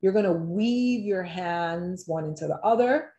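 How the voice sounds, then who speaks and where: With a warm, lowish voice, a woman hosts a live online wellness workshop, guiding viewers through simple relaxation exercises. She's chatty and encouraging, slowing down to walk people through each step.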